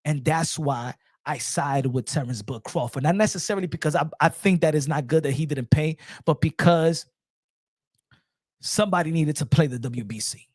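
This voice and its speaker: A man hosting casual livestream boxing commentary, talking in an animated and emphatic way. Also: fairly high pitch, normal speed, dry recording, clean studio sound.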